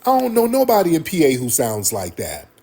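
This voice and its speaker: Husky, animated man ranting on a livestream. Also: on the high side, brisk. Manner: blunt, profane, animated ranting to viewers. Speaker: livestream host. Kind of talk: heated livestream commentary.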